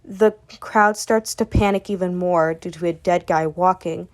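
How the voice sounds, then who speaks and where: A woman's voice: fairly low pitch, steady tone, measured pace. Woman rambling through a comic recap. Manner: rambling storytelling that relays each character with "and she's like". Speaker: webcomic recap channel host.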